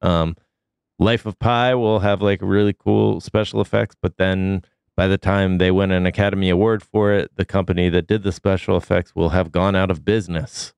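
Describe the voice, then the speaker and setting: Deep gravelly sick-sounding man. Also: moderate pace, dry recording. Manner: relaxed, with many ums and uhs. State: sick, foggy. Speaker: podcast co-host. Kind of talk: casual news chat.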